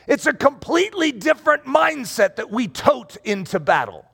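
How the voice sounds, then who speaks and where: A middle-aged male pastor preaching a playful sermon, acting out scenes and shouting for effect. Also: very high voice, very animated, moderate pace, creaky, few pauses, slightly rough. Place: room with rows of chairs.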